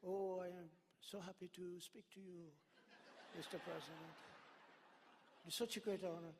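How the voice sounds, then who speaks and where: A man putting on a fawning French male president with a put-on French accent, who slips into high, slow, breathy pleading. His gravelly voice rings through a long arena reverb. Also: steady tone, background noise.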